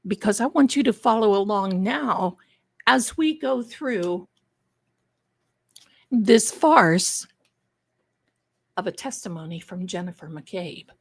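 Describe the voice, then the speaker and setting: Stuffed up with allergies, this woman hosts a livestream with chatty, dramatic flair and addresses her audience as her darlings. Her mid-range voice has a gravelly edge, captured without echo.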